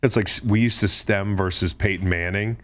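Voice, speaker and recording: A man's voice: on the low side, steady tone, brisk, fairly bright tone. A man hosting a podcast who talks casually about football with blunt, joking remarks. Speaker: podcast host, former defensive player. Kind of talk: casual chat.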